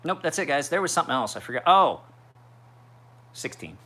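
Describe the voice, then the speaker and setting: A man's voice: fairly high pitch, lively intonation, fairly quick, bright, forceful tone. A man in his forties rambling through a casual livestream chat as a knife sharpener, with profane storytelling. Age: 40s. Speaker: knife sharpener streaming live.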